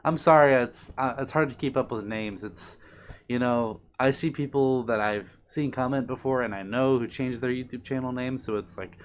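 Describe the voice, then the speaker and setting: Young guy on stream reading comments out, soft apologetic vibe, mid pitch, bit of background noise. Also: steady tone, normal speed. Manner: warm, apologetic, reads comments aloud. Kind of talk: casual live-stream chat.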